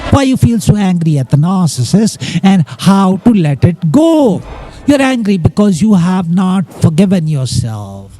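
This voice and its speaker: A man's voice: high-pitched, dark tone. A man giving scripted narration on psychology in emphatic, short declarative lines.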